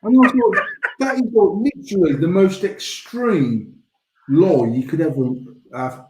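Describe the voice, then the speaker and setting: A man, co-hosting a podcast and telling long, profane, animated stories in casual chat. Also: sits high, a little slow, roomy sound, very noisy. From England. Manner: swears a lot, animated storytelling. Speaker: podcast co-host.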